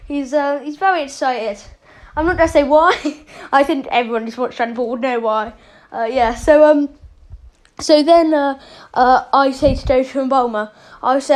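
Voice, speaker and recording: Casual storyteller, woman with a high voice, loose and rambling, lots of fillers. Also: moderate pace. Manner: rambling, with many fillers and self-corrections. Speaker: channel host.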